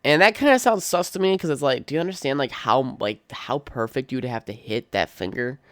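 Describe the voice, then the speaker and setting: Young man, podcast host, casual profane rant, smooth clear voice, dry close sound. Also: mid-range voice, lively intonation, a little fast, fairly bright tone, no room sound. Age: young adult. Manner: blunt, profane and opinionated, with frequent fillers.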